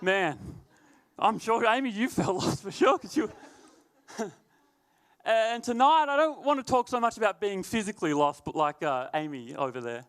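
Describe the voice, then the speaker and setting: Laid-back young youth preacher. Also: male voice, high voice, sing-song, normal speed, a bit bright, smooth. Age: young adult. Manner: laid-back, laughing often, chatty filler words. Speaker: youth leader. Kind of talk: youth sermon with storytelling.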